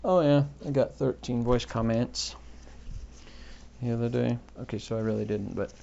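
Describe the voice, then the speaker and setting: A man's voice: medium pitch, brisk, creaky, dark tone, muffled recording. A man hosting his own podcast, rambling along in an offhand, self-mocking way. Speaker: podcast host. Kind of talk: rambling solo podcast chat.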